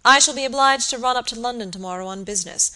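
A woman reading the part of a grave, preoccupied young gentleman barrister in an audiobook. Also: a little high, voice pushed up. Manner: grave, measured.

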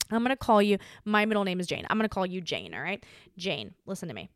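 A woman's voice: mid-range voice, quick pace, dry recording, clean studio sound. A woman hosting her own podcast, talking candidly and animatedly in a casual chat straight to listeners. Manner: chatty, candid, animated, with frequent filler "like". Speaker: podcast host.

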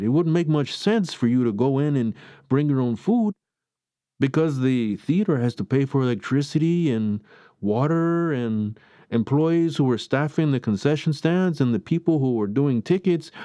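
A man's voice: mid-range voice, mellow, dry recording, clean studio sound, natural voice. A man doing a ranting New Yorker. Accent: put-on New York accent. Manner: ranting, rhetorical questions. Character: opinionated adult male New Yorker ranting.

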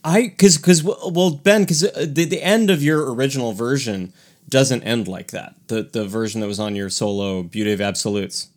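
A man's voice: mid-range voice, normal speed. A man co-hosting a casual podcast, speaking expressively, sometimes singing phrases and reading listener mail aloud. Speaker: podcast co-host, musician. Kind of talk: casual chat.

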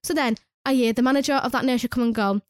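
A woman's voice: a little high, steady tone, very fast, dry recording. Young woman, rants and swears freely, dry close sound. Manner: sweary, exasperated ranting. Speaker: nursery worker. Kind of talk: casual storytelling chat.

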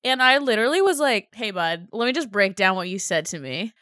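A woman's voice: medium pitch, sing-song, a little fast, pushed and bright, slight background noise. A young woman co-hosting a podcast, telling blunt, profane stories in casual chat and acting out the dialogue. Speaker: podcast co-host.

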